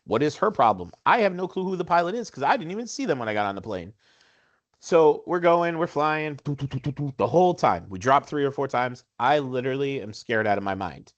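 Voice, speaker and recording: Man in his 40s, podcast co-host, animated self-mocking storyteller, mid-pitched voice. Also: fairly quick, dull audio. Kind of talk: casual storytelling chat.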